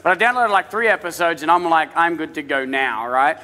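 A pastor with an accent tells a humorous, self-mocking story from the pulpit, chatty and animated. His voice sits high and sounds bright. A long hall reverb trails each phrase. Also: brisk. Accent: non-native English accent.

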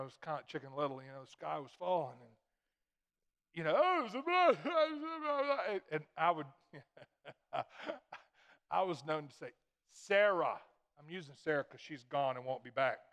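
Middle-aged male pastor with a high voice, emphatic sermon delivery that repeats key phrases. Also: gravelly, fairly bright tone.

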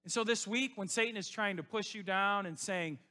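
Man preaching with loud-soft swings. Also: brisk. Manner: swings from loud rising appeals to soft hushed lows; repeats phrases for emphasis. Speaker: pastor. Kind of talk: sermon.

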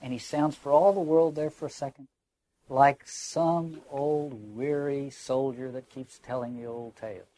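A man's voice: mid-range voice, steady tone, measured pace, dark tone, no echo. A man lecturing on literature, reflective, often restarting words as he searches for phrasing and reading quoted lines aloud with emphasis.

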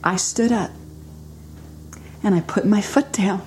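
A middle-aged woman giving an earnest, emotional personal testimony in a sermon, dropping to hushed tones at times. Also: mid-range voice, slow, a little hiss or hum. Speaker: speaker sharing a faith testimony.

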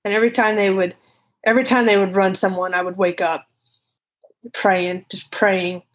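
A woman in a medium voice recounts a frightening night in her own words. She talks in an unscripted, halting way, restarting sentences and swearing at times. She retells whole conversations, slipping into what each person said. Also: mid-range voice, little pitch movement, poor audio. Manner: retells conversations in quoted speech. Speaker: guest telling a personal story.

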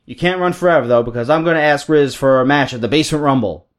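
A man's voice: medium pitch, quick pace, close to an everyday voice. A man voicing a frustrated male wrestler who airs his grievances. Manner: aggrieved complaining.

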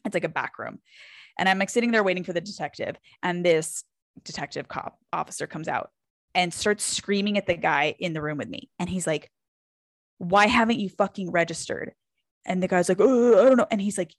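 A young woman co-hosting a casual podcast, telling an anecdote in an animated way, swearing freely and acting out the quotes. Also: on the low side, brisk, dry recording. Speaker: podcast co-host. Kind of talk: casual conversational storytelling.

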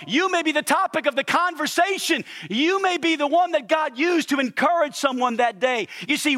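A man preaching from the pulpit in a high, bright, forceful voice. He hammers home repeated phrases and swells toward near-shouts as he presses each point on the congregation. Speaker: pastor. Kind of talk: sermon. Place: church service.

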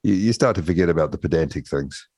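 Male radio host, low voice, joking, relaxed banter, dry studio sound. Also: quick pace, dry recording. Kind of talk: breakfast radio chat. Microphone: studio microphone.

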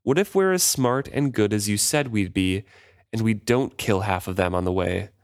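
A man's voice: fairly low pitch, normal speed, no room sound, close to an everyday voice. A man voicing a first mate who questions his captain pointedly, in a close, dry recording. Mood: insistent.

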